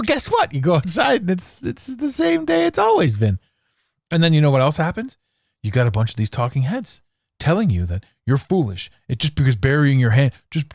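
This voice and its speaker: A man hosting a podcast monologue, ranting sarcastically with animated swings and frequent profanity. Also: on the high side, no echo, studio quality. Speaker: podcast host.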